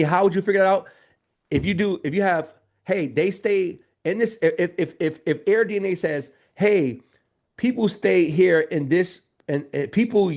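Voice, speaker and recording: A man teaching a live business training in an energetic, joking way, calling the audience "y'all.". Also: a little high.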